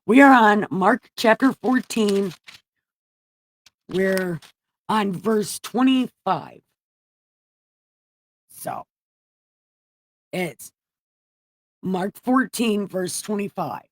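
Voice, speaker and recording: A woman's voice: mid-range voice, animated, drawn-out words, long pauses, no echo, clean studio sound. A woman hosting a comedic Bible reading, paraphrasing with profane jokes. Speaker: host reading the Bible aloud.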